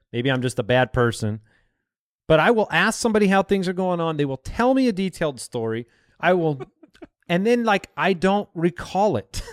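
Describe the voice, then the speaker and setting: A man's voice: fairly high pitch, no echo, studio quality. Married man, joking and asking questions. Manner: joking, asks questions, laughs often. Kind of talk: casual chat.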